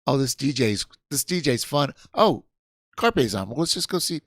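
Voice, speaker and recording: A man's voice: mid-range voice, lively intonation, normal speed, dry recording, studio quality. A man hosting a casual livestream, rambling and restarting his sentences, tired and yawning. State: sleepy. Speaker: livestream host.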